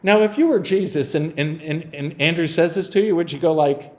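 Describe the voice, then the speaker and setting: A man's voice: high voice, lively intonation, normal speed, few pauses, a little mellow. A man preaching a sermon as pastor, explaining a Bible passage in a casual, conversational way and acting out scenes with humor.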